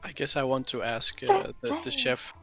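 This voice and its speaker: A man's voice: medium pitch, huge pitch swings, moderate pace, a bit bright, soft background music. A man playing a tabletop role-playing game, speaking in character in a playful, theatrical way. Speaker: player. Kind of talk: tabletop role-play chat.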